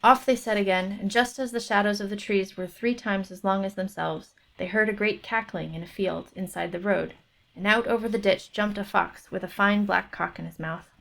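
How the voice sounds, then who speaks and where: A woman's voice: medium pitch, fairly even intonation, normal speed, gravelly, fairly bright tone. A woman reading a folk tale aloud for her book club stream, stopping for chatty asides. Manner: chatty, thinks aloud between passages.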